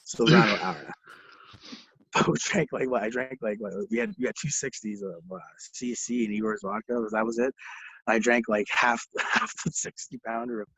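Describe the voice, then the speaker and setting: A man's voice: mid-range voice, steady tone, fairly quick, a bit bright, slightly rough, no echo, rough recording. A young man telling rambling stories in casual chat, laughing through them and swearing a lot. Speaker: guest.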